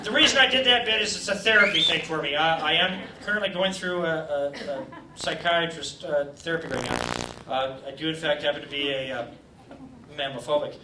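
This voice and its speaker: A man's voice: fairly high pitch, brisk, far from the mic. A man doing a stand-up set in a comedy club, teasing the crowd with crude jokes. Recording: roomy club taped from afar, loud crowd.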